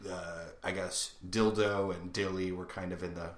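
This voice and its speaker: A man's voice: sits low, flat delivery, normal speed. A young man co-hosting a casual podcast, telling rambling stories full of filler words. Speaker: podcast co-host. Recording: roomy echo.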